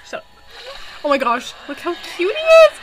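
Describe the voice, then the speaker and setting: A woman's voice: very high-pitched, heavy background noise. A young woman co-hosting a podcast, chatting casually and teasing while reacting to a cartoon episode. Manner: giggly, animated, quick to tease. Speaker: podcast co-host. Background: episode audio with music playing.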